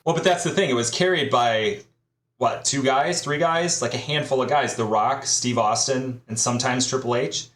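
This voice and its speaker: A man's voice: medium pitch, normal speed, a bit bright. A man with a mid-range voice co-hosts a casual podcast, easygoing and agreeable. He speeds up when he makes his point. His voice bounces around an echoey room. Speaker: podcast co-host. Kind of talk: casual chat.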